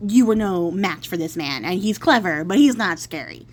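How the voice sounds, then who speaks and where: A woman's voice: lowish voice, lively intonation, normal speed, voice pushed down, poor audio. A woman voicing the devil as an impatient, exasperated male ruler of hell in a spoken story. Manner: exasperated, bossy.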